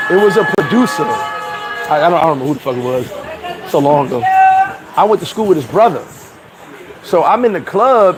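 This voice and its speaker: New guy in his 40s, cussing and laughing thru his stories, loud crowd all around. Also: on the high side, a little fast, pauses often, rough recording. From New York. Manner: animated, profane, laughing storyteller. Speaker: host. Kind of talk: casual storytelling chat. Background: crowd chatter.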